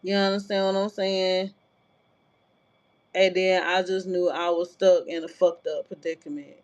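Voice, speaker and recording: A woman's voice: lowish voice, little pitch movement, measured pace, a little mellow. A woman vlogger telling a personal story in a casual, blunt, profane way, with frequent filler asides. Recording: dull lo-fi sound.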